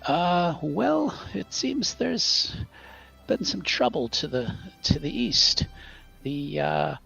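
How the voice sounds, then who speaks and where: A man's voice: on the high side, big pitch swings, slow pace, vocal fry, fairly bright tone, husky, lo-fi sound, voice pushed up, exaggerated voice. A man voicing a poor, hopeful female jewelry peddler who talks in a hesitant, wheedling way. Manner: hesitant, wheedling sales talk.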